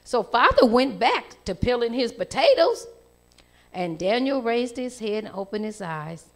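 Lively woman telling a children's story. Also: a little high, measured pace. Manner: animated storytelling with lively voice changes. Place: church.

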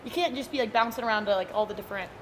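A woman's voice: mid-range voice, very fast, a little hiss or hum. A woman co-hosting a podcast, telling rambling stories in casual chat and filling them with "like". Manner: rambling storyteller, heavy use of "like". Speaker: podcast co-host.

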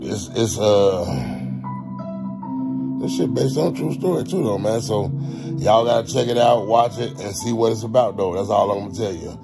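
A man rambling casually through a profane movie review, swinging into loud animated rants. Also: on the low side, normal speed, over loud music.

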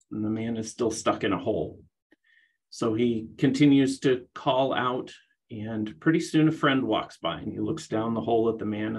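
A middle-aged man giving a conference presentation on rehabilitation, talking in a halting way with many restarts. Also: on the low side, poor audio. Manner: hesitant, many restarts and fillers.

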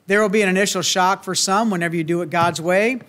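A man's voice: high-pitched, fairly even intonation, fast talker, fairly bright tone. A grandfatherly man with a Southern US accent, preaching a sermon in a folksy, earnest way with many restarts. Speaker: pastor.

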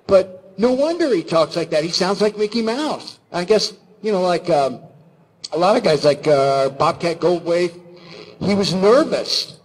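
A man tells a behind-the-scenes story on a convention panel, his voice on the higher side. He gets excited, stumbles over his words, and acts out the voices in the story. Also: moderate pace, low-quality recording. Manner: excited, acts out voices in stories, many fillers. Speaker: animator and panel guest.

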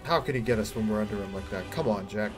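A man streaming himself playing a game, reacting loudly and swearing at what happens on screen. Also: fairly low pitch, fast, over music. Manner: excitable, swearing, shouting at the game. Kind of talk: live gameplay commentary.

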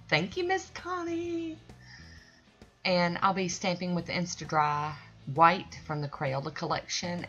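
Woman, deep voice, folksy chatty tutorial voice-over, rambling, muffled lo-fi recording. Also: a bit bright. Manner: rambling, folksy, loses her train of thought. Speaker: nail art channel host. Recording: dull lo-fi recording with faint music.

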